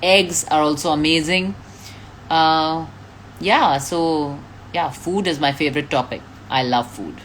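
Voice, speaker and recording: A woman's voice: low voice, a little slow, slight background noise. A woman, chatting casually on a live stream, reading out fan comments, thanking people and laughing often. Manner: reads out names, thanks fans, laughs often.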